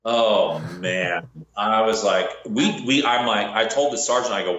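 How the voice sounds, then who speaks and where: A man tells a bounty hunting story in casual podcast chat, and his pitch climbs when he acts out what people said. The room around him echoes, and the recording sounds a little dull. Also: unhurried. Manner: animated, acts out quotes with rising pitch. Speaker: bounty hunter telling a story.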